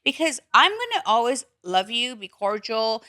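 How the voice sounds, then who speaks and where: A woman's voice: on the high side, normal speed, no echo, studio quality. Blunt, profane woman chatting. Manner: blunt, profane, animated storytelling. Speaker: podcast host. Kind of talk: casual chat.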